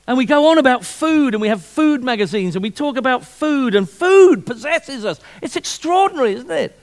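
A man preaching a sermon, lively and fond of repeating himself and asking rhetorical questions. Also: very high-pitched, normal speed, few pauses.

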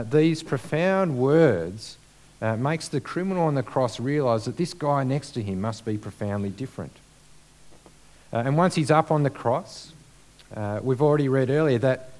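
A man's voice: medium pitch, darkish tone. Man preaching a chatty sermon. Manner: conversational, many uh fillers, rhetorical questions.

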